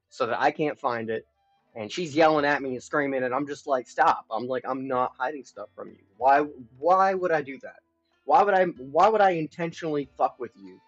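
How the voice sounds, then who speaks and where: A young man livestreaming, telling a long personal story in a rambling, profane way, dropping to mumbles and rising to loud bursts. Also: medium pitch, no room sound. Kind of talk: casual confessional storytelling. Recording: dull lo-fi stream audio.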